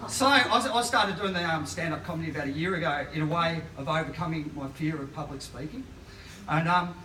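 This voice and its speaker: A man's voice: a little high, brisk, pushed and bright. A man in his late forties doing a stand-up comedy set, self-deprecating and often laughing mid-line. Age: late 40s. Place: small live comedy venue. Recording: echoey, distant, noisy room recording.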